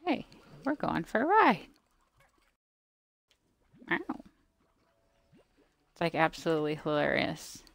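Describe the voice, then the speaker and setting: A woman talks her way through a video game in a relaxed, unhurried commentary, her voice a little low with a gravelly edge. She chats to the creatures on screen and mock-scolds them now and then. The sound is dry and close, with no room behind it. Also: no echo. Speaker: gameplay video maker. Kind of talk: casual gameplay commentary.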